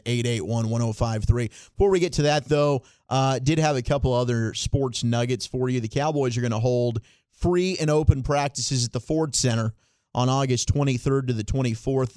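A man's voice: mid-range voice, a little mellow, dry recording. A man hosting a sports radio segment in a casual, rambling way with a studio mic. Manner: laid-back, rambling, laughs often.

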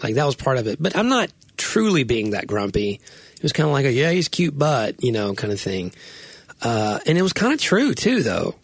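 A man with a slightly husky voice co-hosts a relaxed conversation. He is self-deprecating and laughs often, recorded dry and close with no room sound. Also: medium pitch, brisk, no echo. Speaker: podcast co-host. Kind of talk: casual chat.

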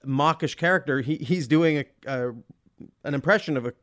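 Chatting about a film on a podcast he co-hosts, this man sounds casual and enthusiastic and laughs frequently. His voice sits on the high side, a bit bright, at a normal speed.

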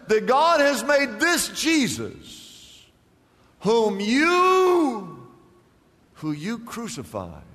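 A male pastor preaching a sermon with strong emphasis, swinging between loud declarations and hushed passages, in a church. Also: extremely high pitch. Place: church sanctuary. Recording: long hall reverb.

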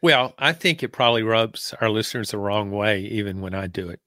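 A man with a Southern US drawl, speaking slowly and deliberately in a casual sports podcast chat. His voice is bright and forceful. The sound is dry and close, with no room echo. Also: fairly low pitch, lively intonation. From American South. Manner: slow, measured drawl. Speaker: podcast co-host, football analyst.

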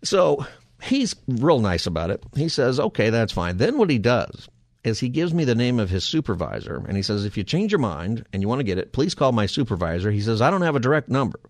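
A middle-aged man hosting a call-in radio show, telling a long exasperated story in a casual, animated way. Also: medium pitch, a little fast, no echo, clean studio sound. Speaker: radio talk show host.

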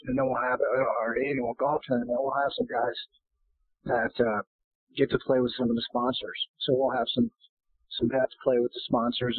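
A man, a golf professional, talking casually as a guest, hoarse and losing his voice, rambling with many restarts. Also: medium pitch, dry recording. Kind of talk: casual phone interview. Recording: tinny phone line.

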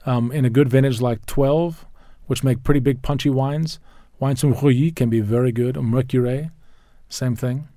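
Mellow guy rambling about wine and braises, lots of restarts, dry close sound. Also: medium pitch, fairly even intonation, normal speed, hardly any pauses, no room sound. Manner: enthusiastic, rambling with many restarts, spells out wine names. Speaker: wine expert guest. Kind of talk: casual food and wine chat.

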